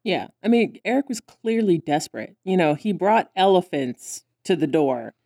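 Animated woman recapping with laughter. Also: moderate pace, no echo, clean studio sound. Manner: animated, laughs often, acts out lines in high squeals. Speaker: podcast co-host. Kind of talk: casual chat recapping a cartoon episode.

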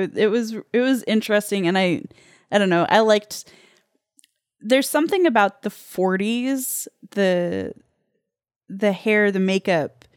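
A woman's voice: medium pitch, no echo, clean studio sound. A woman co-hosting a podcast in casual chat, hesitant and wry, often restarting her sentences. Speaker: podcast co-host.

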